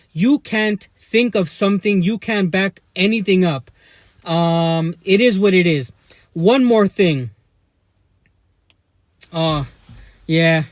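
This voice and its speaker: A man's voice: high-pitched, dry recording, clean studio sound. A young man with a Mexican American accent, ranting back at commenters during a live stream, combative and mocking. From United States. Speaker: livestream vlogger. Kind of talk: live-stream rant to chat.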